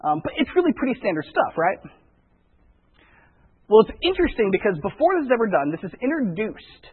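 A man's voice: sits high, very animated, fairly quick, slightly rough. A man preaching a conversational sermon, often repeating words as he thinks it through. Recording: tinny phone-like radio broadcast.

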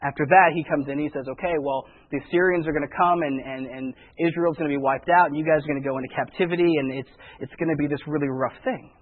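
A man's voice: fairly high pitch, fairly even intonation, quick pace, few pauses. A man preaching a conversational sermon, often repeating words as he thinks it through. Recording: tinny phone-like radio broadcast.

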